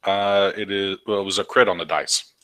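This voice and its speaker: A man's voice: sits low, steady tone, normal speed, bright, forceful tone. A man playing a tabletop game, hesitantly reading out his dice numbers. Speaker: player. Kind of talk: casual tabletop game talk.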